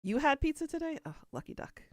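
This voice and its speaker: A woman's voice: sits high, very animated, quick pace, darkish tone, no room sound, studio quality. A woman from Kentucky with a Southern US accent, chatting casually as a podcast host and answering viewer comments in a rambling way. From Kentucky, USA. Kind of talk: casual chat.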